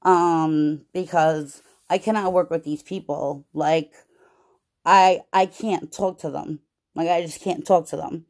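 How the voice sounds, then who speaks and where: A woman podcast host venting about her job in a casual, profane, animated way, with many "like"s. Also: low voice, slow pace. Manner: profane, animated storytelling with lots of "like".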